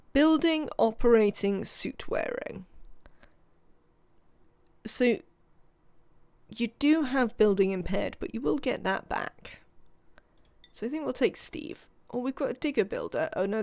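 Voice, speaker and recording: Lively, gravelly-voiced game streamer. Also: mid-range voice, no room sound. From United Kingdom. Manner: chatty, thinking aloud and talking to game characters. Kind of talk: let's-play commentary.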